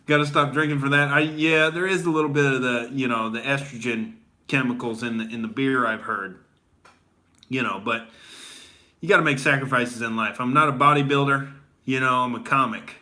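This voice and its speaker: A man's voice: medium pitch, steady tone, normal speed, sharp tone. A young adult man doing a comedy rant as a boastful gym bro, rambling with lots of "dude" and "all right?". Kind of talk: stand-up style comedy rant.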